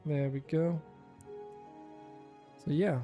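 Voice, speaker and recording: A man's voice: a little high, steady tone, extremely slow, dark tone, soft background music. A man streaming a game, chatting casually with viewers in a chatty, self-deprecating way and laughing often. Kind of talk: casual live-stream chat.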